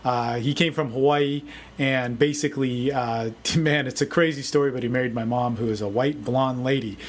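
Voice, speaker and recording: A man giving a casual, energetic motivational talk as a dating coach, often saying "man". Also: mid-range voice, normal speed, slight background noise. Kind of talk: casual video talk answering a forum question.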